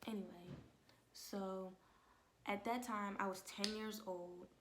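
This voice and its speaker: A young woman vlogging at home, telling an emotional personal testimony in a casual way and often dropping into soft whispers. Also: mid-range voice, fairly even intonation, takes it slowly, a little hiss or hum.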